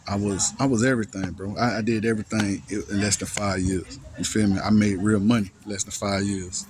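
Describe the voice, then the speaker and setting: A man with a fairly low voice tells a long personal story in loose, profane street slang. He restarts his sentences often and keeps checking in with his listener. Faint noise sits behind his voice. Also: steady tone, a little fast. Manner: rambling, with many restarts and repeated words. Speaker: storyteller recounting a personal ordeal. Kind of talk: casual first-person storytelling.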